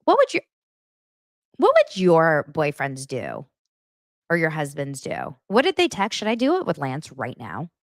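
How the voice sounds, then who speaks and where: Woman gossiping about reality tv, lowish voice, super animated pitch, dry close sound. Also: unhurried, no room sound. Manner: animated, chatty, addresses viewers directly. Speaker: host.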